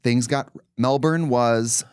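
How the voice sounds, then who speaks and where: A man's voice: mid-range voice, slow, a little mellow, smooth, no echo, clean studio sound. A man co-hosting a podcast, telling rambling stories in casual chat. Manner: chatty, rambling storyteller. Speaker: podcast co-host.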